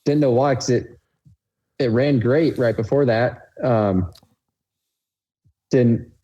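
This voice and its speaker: A man's voice: medium pitch, slow pace, warm tone, dull audio. A young man, a racecar driver guest, telling a race story in an easygoing way on a casual podcast.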